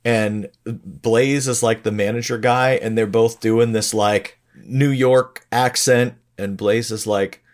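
A man's voice: medium pitch, fairly even intonation, slow. A man co-hosting a podcast, chatting casually about songs in a laid-back, chuckling way. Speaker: podcast co-host. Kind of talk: casual music review chat.

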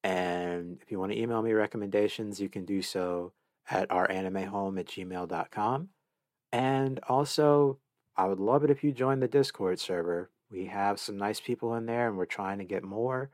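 A man's voice: lowish voice, normal speed, no room sound, studio quality. A man hosting a solo anime review podcast, talking in a gushing, enthusiastic way and repeating words as he restarts his sentences. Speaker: podcast host.

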